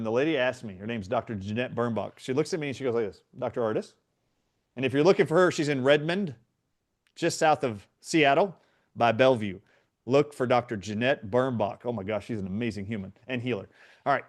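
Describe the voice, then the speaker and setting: A middle-aged man, a guest in a conversation, earnestly retelling a personal story and acting out what others said. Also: medium pitch. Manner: earnest, animated retelling with quoted voices.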